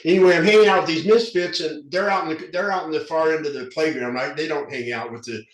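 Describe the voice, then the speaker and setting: A man's voice: on the high side, fast. A man of about fifty from southern Utah, a recovery specialist, speaks as a podcast guest. He has a slight lisp from dentures and talks in an earnest, rambling way with many restarts. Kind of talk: candid storytelling in an interview. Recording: roomy echo.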